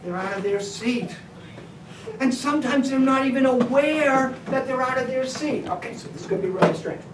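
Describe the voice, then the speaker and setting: A woman's voice: high-pitched, normal speed. Woman teacher giving step-by-step classroom instructions. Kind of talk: classroom behavior lesson. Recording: echoey room, distant mic, background noise.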